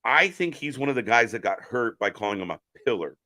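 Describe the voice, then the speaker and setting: Man, live watch-along host, casual commentary, chatty, sharp bright tone. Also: medium pitch, lively intonation, fairly quick. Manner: chatty, answers viewer chat while calling the action.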